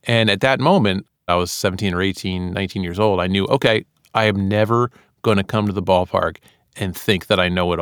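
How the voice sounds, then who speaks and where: A man's voice: low voice, dry recording, studio quality. A man, an author and part-time radio analyst, talking casually and loosely about recording his audiobook, with plenty of "you know" fillers.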